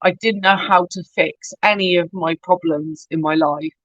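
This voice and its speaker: A woman's voice: on the low side, steady tone, moderate pace, a bit bright, dry recording, highs cut off. A middle-aged woman with a West Country accent, a podcast guest telling candid, story-filled anecdotes and swearing freely. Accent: West Country English. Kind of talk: casual podcast chat.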